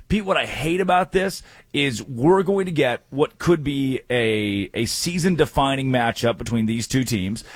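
A man hosting a sports talk show, giving energetic, opinionated picks and breakdowns. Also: medium pitch, breathy edge, no echo. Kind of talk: sports talk radio banter.

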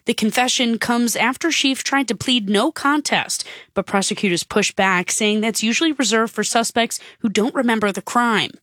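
A woman reporting news, traffic and weather for a radio station in a steady read. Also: on the high side, moderate pace, dry recording, studio quality. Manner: crisp, steady newsreader delivery.

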